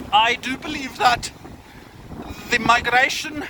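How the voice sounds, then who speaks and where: A man's voice: extremely high pitch, slow, pauses often. A man in his thirties vlogging while walking on a beach, rambling in a mock-grand, jokey, profane way and a little out of breath. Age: 30s. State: tired, slightly out of breath from walking. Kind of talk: casual walking vlog. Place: outdoors on a windy beach. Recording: wind noise over phone mic.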